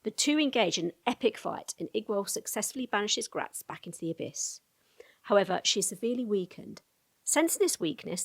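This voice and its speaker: A woman narrating a fantasy lore explainer video in a brisk storytelling tone, with casual asides to the viewer. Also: mid-range voice, slightly rough.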